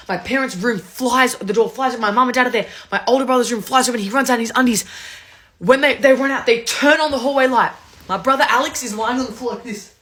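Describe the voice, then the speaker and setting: A woman, rapidly and animatedly retelling a story in a casual, swearing, rambling way. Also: on the high side, a bit bright.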